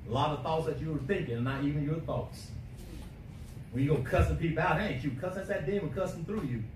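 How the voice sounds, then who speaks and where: A man preaching a sermon, emphatic, swinging between quiet asides and shouting. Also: fairly high pitch, fast talker. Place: church sanctuary. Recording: echoey church from a distance, faint hiss.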